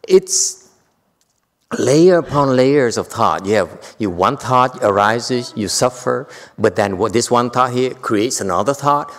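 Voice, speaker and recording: A man, a Buddhist master, giving a dharma talk in a monastery hall, emphatic and often questioning his audience. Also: medium pitch. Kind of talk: dharma talk with live interpretation. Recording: long hall reverb.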